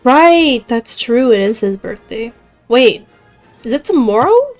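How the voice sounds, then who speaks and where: A young woman game streamer chats with her viewers in a relaxed, giggly way, often breaking into laughter. She speaks slowly in a slightly high voice, with faint game music playing behind her. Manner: giggly, bubbly, reads chat aloud. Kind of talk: casual live-stream chat.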